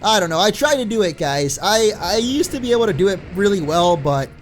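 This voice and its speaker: A man hosting a let's play, giving casual gameplay commentary in a chatty, excitable way and laughing often. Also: high-pitched, brisk, soft background music.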